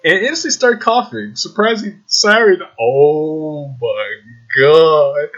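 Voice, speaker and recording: A gaming YouTuber plays a story game, reading its text aloud and reacting with excited exclamations and frequent laughs. His voice is high and he takes it slowly, with lo-fi sound.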